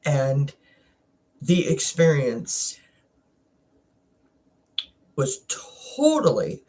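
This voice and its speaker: Slow-talking emotional woman, halting. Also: sits low. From Canada. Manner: emotional, halting, many restarts. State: close to tears. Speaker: wellness channel host. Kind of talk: casual personal chat.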